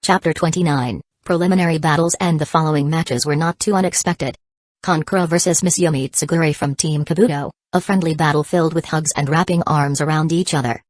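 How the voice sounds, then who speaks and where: A woman narrating a novel as an audiobook in an even, steady reading manner. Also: low voice, a little fast, no room sound.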